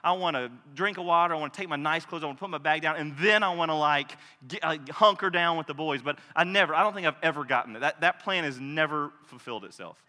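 High, bright-voiced preaching man in a hall. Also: fast, few pauses. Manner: animated preaching, swings from loud cries to hushed tones. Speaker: pastor. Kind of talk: sermon.

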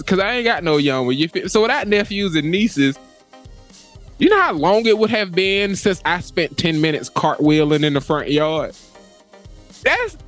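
Casual podcast co-host, young adult man, lively swearing storyteller, faint music bed. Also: on the high side. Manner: animated storyteller, laughs often, swears freely. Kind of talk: casual chat.

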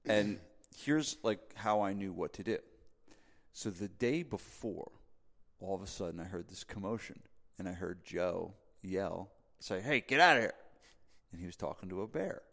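A New Jersey man who hosts a podcast tells a casual, rambling story full of fillers and asides, growing animated when making a point. His voice is low, at normal speed, with vocal fry and a big-room sound.

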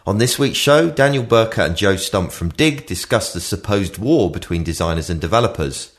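A man's voice: on the low side, animated, moderate pace. A man hosting a podcast, chatting in wry, teasing banter while complaining of the cold. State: shivering cold. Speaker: podcast host.

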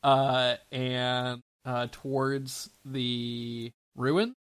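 A man's voice: mid-range voice, steady tone, extremely slow, fairly bright tone, clean tone. A man playing a tabletop game, laid-back and joking, with a lot of hesitation. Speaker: player. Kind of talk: casual tabletop game chat.

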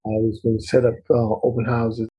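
A middle-aged man, a real estate agent being coached, who talks haltingly and often restarts his sentences. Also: medium pitch, completely flat delivery, husky, lo-fi sound.

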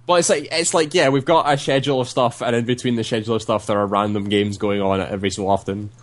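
A man's voice: on the low side, steady tone, fast. A young man in casual chat, telling a rambling, swearing story and acting out what people said. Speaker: podcast co-host.

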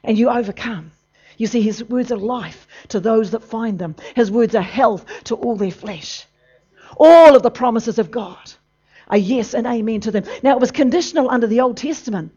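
A preacher delivering a sermon emphatically, moving between loud bursts and low, intense passages. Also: normal speed, slightly rough. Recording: dull lo-fi recording.

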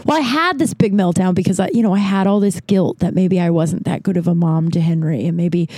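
Picture a hoarse woman in her forties hosting a podcast, rambling through a story in a chatty, swear-filled way. She acts out the people she quotes. Her tone is mellow and warm, and the recording is dry and close, with no room sound. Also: on the low side, brisk, no echo. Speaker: podcast host. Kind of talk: casual storytelling monologue.

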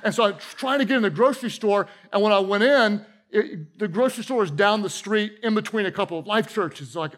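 A middle-aged pastor delivers a sermon with a notably high voice. He tells stories with humor and audience asides, speaking to a congregation in a church. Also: a little fast, few pauses, fairly bright tone. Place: church auditorium with a live congregation.

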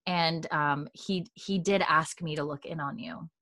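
A woman's voice: sits low, a little slow, fairly bright tone, no echo, clean studio sound. A woman voicing a courteous nobleman who answers politely and evasively, with a hesitant delivery. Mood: guarded.

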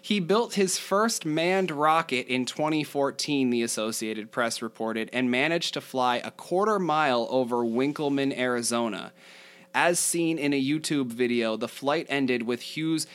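A man's voice: mid-range voice, unhurried, fairly bright tone, clean tone. Man reading news aloud on a podcast. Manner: reads quotes aloud, laughs often at the story; breaks off with fillers and asides. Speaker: co-host reading news articles.

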